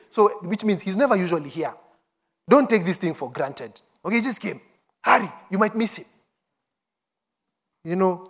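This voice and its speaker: A man's voice: high-pitched, brisk, fairly bright tone. A man preaching a sermon, reading scripture and acting out the quoted voices with urgency.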